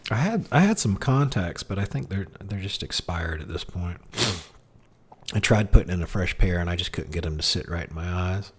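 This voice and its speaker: A man's voice: low voice, expressive, normal speed, husky. A man chatting casually on a livestream through a headset microphone, rambling and self-deprecating with frequent restarts. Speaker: streamer. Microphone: headset microphone with monitoring.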